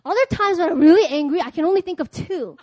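A woman delivers a sermon, with a high voice heard dry and close. She tells personal stories, acts out both sides of conversations, and often laughs as she goes. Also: lively intonation, fast, darkish tone, no echo. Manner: storytelling, acting out dialogue, laughing often. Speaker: preacher. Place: church.

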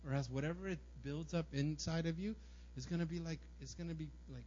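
On a lo-fi recording, a pastor with a slightly high, dark-toned voice preaches fast. His style is relaxed and conversational, with frequent "right?" tags and muttered asides acting out ordinary quotes.

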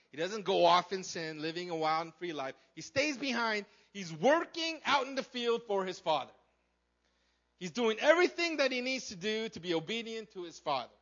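Bright-voiced, animated male preacher. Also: sits high, dull audio. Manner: animated, conversational, acts out characters, asks the crowd questions. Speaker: pastor. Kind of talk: sermon.

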